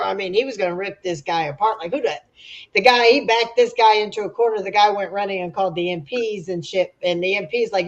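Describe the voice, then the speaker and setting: A woman's voice: mid-range voice, moderate pace. A middle-aged woman hosting a casual livestream chat, telling stories with frequent laughter. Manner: laughs often, tells stories loudly. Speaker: livestream host. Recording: dull lo-fi stream audio.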